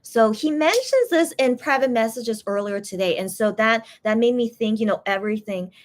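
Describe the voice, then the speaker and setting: A young woman chatting casually on a live stream, reading viewer comments and translating messages with frequent pauses and restarts. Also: fairly high pitch, expressive. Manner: hesitant, many restarts while translating.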